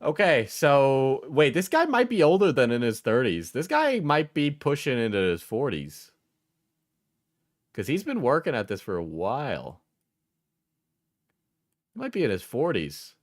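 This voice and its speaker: A man's voice: medium pitch, huge pitch swings, measured pace, pauses often, no echo, clean studio sound. A young man from New England giving casual reaction commentary as a streamer, blunt and rambling, swearing often.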